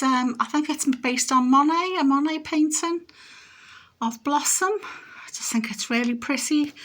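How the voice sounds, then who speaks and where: A middle-aged woman from England with a slightly high voice. She chats casually to her viewers, rambling and homely as she walks about her house. She holds the camera in her hand while she talks. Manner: chatty, rambling, homely, shows things off while walking around. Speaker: vlogger. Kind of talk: casual home vlog chat. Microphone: handheld camera.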